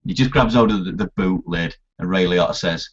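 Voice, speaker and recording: A man, talking casually and with real excitement about films. His voice is low and husky, and he swears freely as he acts out scenes. The recording sounds dull and lo-fi. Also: fairly quick. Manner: animated, swears a lot, acts out film scenes. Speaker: podcast co-host. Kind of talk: casual film chat.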